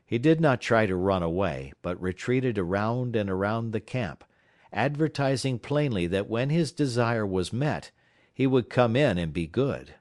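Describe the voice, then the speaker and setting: Low-voiced male audiobook narrator. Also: no room sound, clean studio sound. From South Carolina. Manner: measured, steady storytelling.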